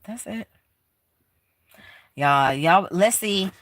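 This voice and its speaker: Woman livestream host, emphatic and heartfelt, bright lowish tone, dry sound. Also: lively intonation, very slow, no echo. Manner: emphatic, heartfelt, talks straight to viewers. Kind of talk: casual livestream chat. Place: rented room in a shared house.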